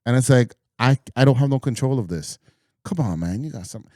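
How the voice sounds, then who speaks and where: A man's voice: mid-range voice, lively intonation, fairly quick, warm tone, no echo, clean studio sound. Emphatic man in casual podcast banter. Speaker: podcast co-host.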